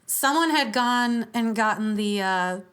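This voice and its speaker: A woman's voice: fairly high pitch, lively intonation, a little slow, fairly bright tone, clear, resonant tone. A woman, a podcast guest, telling a story in casual conversation, chatty with many fillers and easy laughs.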